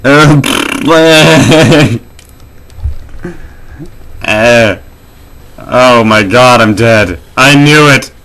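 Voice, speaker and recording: A man giving gameplay commentary as a let's play host, jumpy and excitable, swearing, laughing and yelping. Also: mid-range voice, drawn-out words, pauses often, a little hiss or hum.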